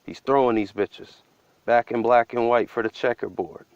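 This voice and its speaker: A man's voice: mid-range voice, moderate pace, no echo, highs cut off. A man giving a profane, conspiratorial commentary breakdown of a video.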